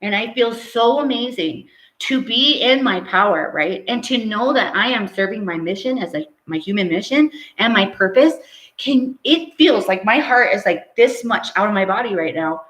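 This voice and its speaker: A woman who works as a medium, hosting a live stream, reading out viewer comments and preaching in an animated way that keeps ending on "right?". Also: mid-range voice, moderate pace, roomy sound, low-quality recording.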